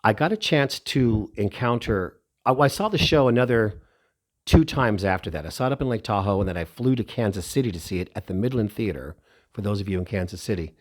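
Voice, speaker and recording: A middle-aged man with a slightly low voice recounts a personal memory. His telling is animated and full of feeling, with his pitch lifting as the story builds. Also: fairly quick. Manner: animated, emotional, lively retelling.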